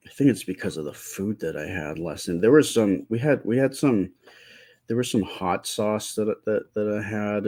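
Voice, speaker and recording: A man hosting a live stream, chatting casually and answering viewer comments with a slightly stuffy nose and a halting, rambling way of talking. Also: sits low, a little mellow. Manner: rambling, halting, many fillers and restarts.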